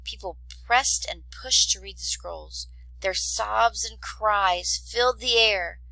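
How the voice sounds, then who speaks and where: A woman narrating a storybook tale in an expressive read-aloud style. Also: mid-range voice, slow, vocal fry, no room sound, low-quality recording.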